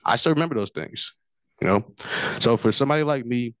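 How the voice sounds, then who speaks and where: A man's voice: mid-range voice, brisk, no room sound. A man from Africa giving personal testimony at a forum, telling his story in an earnest way that keeps circling back to what he remembers. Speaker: forum speaker.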